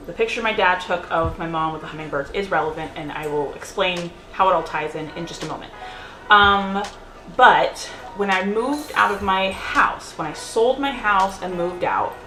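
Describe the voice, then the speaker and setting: A woman's voice: on the low side, moderate pace, sharp tone. A woman vlogging at home in a casual, rambling way, with many fillers and restarts. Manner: sings out baby talk to her pets. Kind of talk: casual chatty vlog. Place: at home indoors. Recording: echoey room with music behind.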